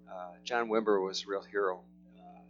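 A man's voice: low voice, steady tone. Middle-aged guy preaching, rambly storytelling, lots of restarts, kinda muffled audio. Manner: rambling, halting, many restarts. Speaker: pastor. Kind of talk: sermon storytelling. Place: church service. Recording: slightly muffled with soft guitar.

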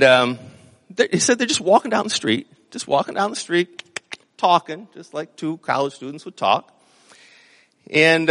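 A man's voice: mid-range voice, a bit bright, in a large hall. A middle-aged man preaching a sermon in a conversational way that swells into emphatic exhortation. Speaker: pastor.

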